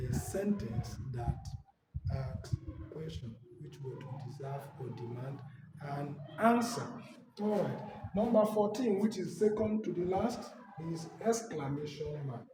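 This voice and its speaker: A man teaching an exam-prep English lesson, posing questions and answering them himself while repeating key terms. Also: on the high side. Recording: roomy, distant mic, loud background noise.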